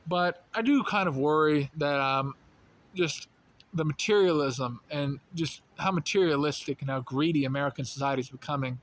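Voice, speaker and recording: A man's voice: on the high side, normal speed, slight background noise. A young man from rural North Carolina with a light Southern accent, talking in a casual, rambling monologue full of fillers and restarts. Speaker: channel host.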